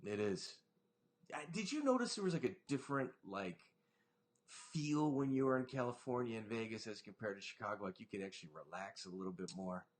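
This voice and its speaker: A man hosting a podcast in casual chat, an animated storyteller who acts out the people in his anecdotes. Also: fairly low pitch, fairly quick. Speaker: podcast host.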